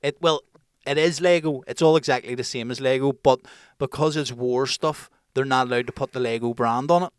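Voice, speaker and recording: Guy, young, cursing a lot, laughs easy, smooth clear voice. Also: mid-range voice, steady tone, fairly quick, dry recording, studio quality. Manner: swears a lot, laughs easily. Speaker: podcast co-host. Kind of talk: casual banter.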